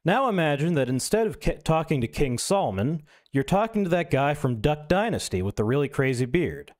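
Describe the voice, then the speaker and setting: A man's voice: a little high, sing-song, a little fast, a little mellow. A male streamer reading an essay aloud, breaking in with wry, self-mocking asides.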